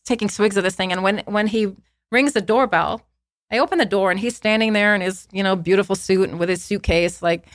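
A woman telling a personal story on a podcast, in a casual, animated way, acting out what people said with many fillers. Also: medium pitch, brisk, dry recording, studio quality. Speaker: guest telling her story.

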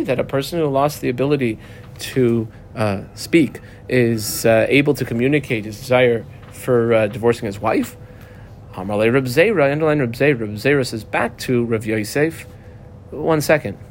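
A man leads a Talmud class, reading a line and then unpacking it plainly, pausing on fillers as he goes. His voice sits at an ordinary middle pitch. A faint rumble hums underneath the recording. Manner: explains step by step, reading text then translating, with many fillers. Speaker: Talmud teacher. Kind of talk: page-by-page Talmud lesson.

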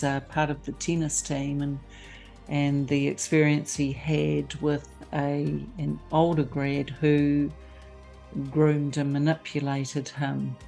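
A woman hosting an interview, welcoming her guest and asking questions in a measured way with fillers. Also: low-pitched. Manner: measured, even, warm welcoming phrasing with fillers. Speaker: host. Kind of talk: interview introduction.

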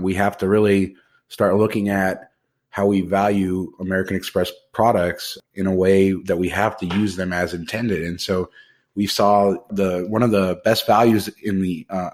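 A man co-hosting a podcast, explaining things in a measured, casual way. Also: low-pitched. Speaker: podcast co-host. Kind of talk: casual chat.

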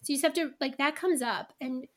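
A woman's voice: high voice, fairly quick. A middle-aged woman talking casually as a podcast guest, chatty and full of asides. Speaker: guest, email copywriter.

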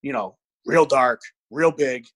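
A man in his thirties telling a gym story in casual chat, animated, swearing often and acting out what people said. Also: medium pitch, takes it slowly, rough recording. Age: 30s. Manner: animated storyteller, frequent profanity, acts out quotes.

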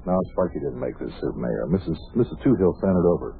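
A man's voice: rumbling low, animated, quick pace, gravelly, soft background music, exaggerated voice. An actor playing a flustered bedridden young man protesting to his visitors, on an old radio show. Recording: tinny old radio broadcast with faint hiss.

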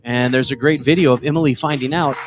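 A man's voice: medium pitch, steady tone, fast, over music. A man co-hosting a casual comedy podcast, joking crudely and laughing often as he runs through news stories. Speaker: podcast co-host.

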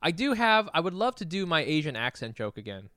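A comedian man rambling jokes on a podcast with deadpan overstatement. His voice is smooth and clear, and the sound is dry and close to the mic. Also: a little high, brisk, dry recording. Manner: joking, rambling, deadpan hyperbole. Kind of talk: casual comedy podcast banter.

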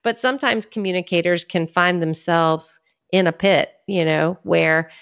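A woman's voice: lowish voice, unhurried. A woman guest on a podcast, explaining her ideas earnestly and laying out her points one by one in a conversational way. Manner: earnest, teaching, lays out points in a clear sequence. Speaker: podcast guest, author and ministry leader. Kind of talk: conversational interview talk. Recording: slightly dull lo-fi sound.

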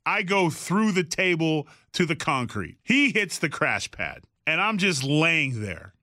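Forceful, animated male storyteller. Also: on the high side, a little slow, no echo, clean studio sound. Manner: animated, acts out voices in quotes, swears freely. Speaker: guest telling a backstage story. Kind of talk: casual storytelling.

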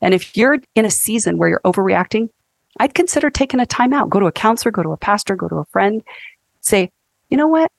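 Animated, emphatic woman counselor, dry sound. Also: mid-range voice, fast, creaky, no room sound. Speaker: counselor and guest speaker. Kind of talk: faith-based podcast interview.

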